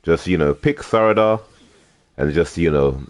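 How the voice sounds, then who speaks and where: A man's voice: low voice, lively intonation, moderate pace, clear, resonant tone, no room sound. A man casually commentating a fighting game tournament, teasing players and laughing often.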